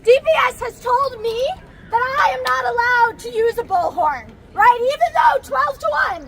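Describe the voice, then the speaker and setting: High-voiced woman organizer addressing a crowd. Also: lively intonation, moderate pace, noisy background. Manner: urgent, directive, addressing a crowd. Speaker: rally organizer. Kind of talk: announcing at a protest rally. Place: outdoor campus green.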